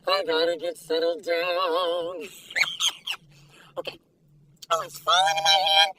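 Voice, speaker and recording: A woman taste-testing food in a casual vlog, talking in an excitable, giggly, gushing way. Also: lowish voice, slow, pauses often. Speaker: food reviewer. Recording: distant mic with faint background noise.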